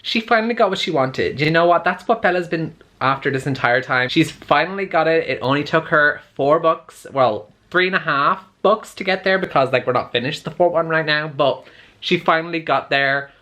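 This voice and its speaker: A man's voice: a little high, moderate pace, sharp tone. A young man in a casual book-reaction vlog, chatty and campy, reading lines aloud with sassy asides. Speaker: book vlogger.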